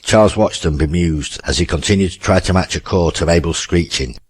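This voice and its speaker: Man, audiobook narrator, steady and measured, very low voice, husky, dry booth. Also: no room sound. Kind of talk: scripted narration.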